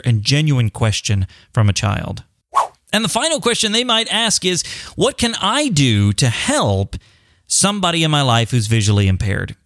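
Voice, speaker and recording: A man's voice: mid-range voice, no room sound, clean studio sound. A young man talking casually about living with sight loss, often acting out the questions people ask him. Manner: animated, acts out quoted voices, chuckles often. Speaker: blind advocate speaking on sight loss. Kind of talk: casual solo talk to camera.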